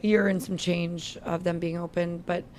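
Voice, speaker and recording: A woman who runs the drinks program at a bar, talking candidly and chattily in a relaxed interview and laughing easily. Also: lowish voice, normal speed. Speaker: bar beverage director. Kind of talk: casual interview chat. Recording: faint background noise.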